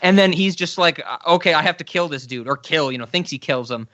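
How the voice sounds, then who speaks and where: A man's voice: on the high side, animated, fast talker, pushed and bright, dry recording, highs cut off. A man co-hosting a film podcast, chatting casually, often laughing and quoting scenes in mock voices. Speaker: podcast co-host.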